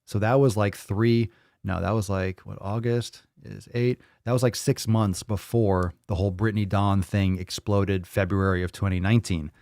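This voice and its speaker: A man with a fairly low voice hosts a casual live stream and chats with his viewers. He jokes loosely and swears freely as he reads their comments. His voice sounds dry and close, with little room sound. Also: steady tone, normal speed, creaky, a little mellow, dry recording. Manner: loose, profane and joking, reading chat aloud.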